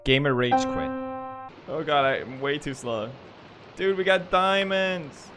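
A man giving let's play commentary while gaming, excitable, shrieking in panic and cursing. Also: a little high, takes it slowly. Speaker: gaming video creator. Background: music.

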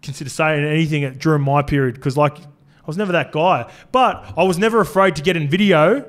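A former rugby league player co-hosts a relaxed podcast, recounting dressing-room stories and backing up his partner's points. His voice sits a little on the high side, and he talks in an easygoing, unscripted way with some swearing. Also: a little fast. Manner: agreeable storyteller, frequent restarts and fillers, occasional swearing. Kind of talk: casual sports podcast chat.

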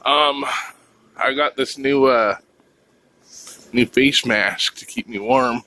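A man's voice: medium pitch, fairly even intonation, slow pace, long pauses, bright, forceful tone, a little hiss or hum. A man talking casually in a home vlog, rambling and jokey with a self-mocking streak, filmed indoors on a handheld camera. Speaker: vlogger.

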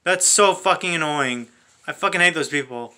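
A man's voice: on the high side, moderate pace, sharp tone. A man hosting a comedic video, ranting crudely with constant swearing and frequent restarts. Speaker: comedy channel host. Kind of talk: profane comedic rant.

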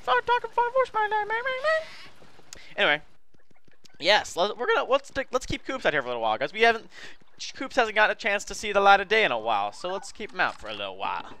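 A man's voice: high-pitched, sing-song, fast, bright, forceful tone, slight background noise. A man giving chatty video game commentary, often calling viewers his friends and apologizing for what he says. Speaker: let's play host.

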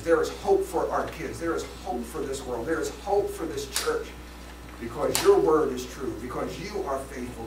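A man preaching a sermon as pastor, swinging between loud passages and hushed ones. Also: a little high, noisy background. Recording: echoey room from a distance.

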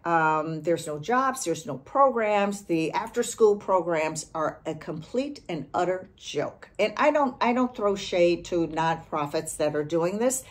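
A middle-aged woman from the Chicago area hosting a podcast, telling a story in a casual monologue with animated, indignant outbursts. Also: lowish voice. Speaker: podcast host.

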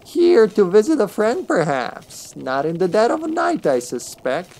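A man voicing a wizened, ancient old crone who is sly and knowing, in a high cackling old woman's voice. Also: wildly swooping pitch, a little slow, a little mellow, exaggerated voice.

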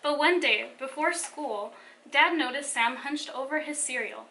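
A woman from a children's ministry reading a picture book aloud to children in an animated storytelling manner. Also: high voice, unhurried, slight background noise.

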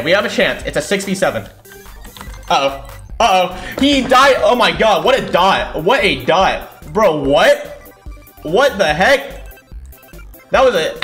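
A young man talks through his game live, casual and thinking aloud, breaking into excited shouts. His voice sits a little high. Faint music runs quietly underneath. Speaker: gaming streamer. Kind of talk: live gameplay commentary. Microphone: desk mic without a condenser.

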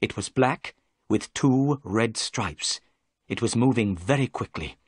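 A man narrating a storybook in clear, expressive scripted narration. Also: medium pitch, takes it slowly, dry recording, clean studio sound.

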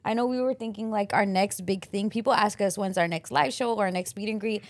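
A woman's voice: medium pitch, fairly quick. Woman podcast co-host, casual chatter, easy laughs, loose swearing. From Los Angeles. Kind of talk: casual chat.

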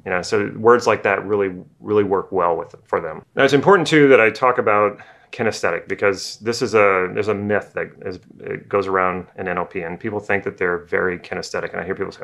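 A man's voice: sits low, fairly even intonation, gravelly, fairly bright tone. A man explaining NLP ideas in a casual video lesson, repeating phrases as he thinks aloud. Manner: acts out slow and fast talkers. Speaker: NLP teacher.

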